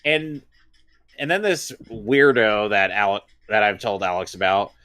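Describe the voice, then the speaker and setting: A man's voice: lowish voice, a little slow, pushed and bright, smooth. A man co-hosting a casual watch-along chat, giving long-winded, opinionated breakdowns. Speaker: co-host.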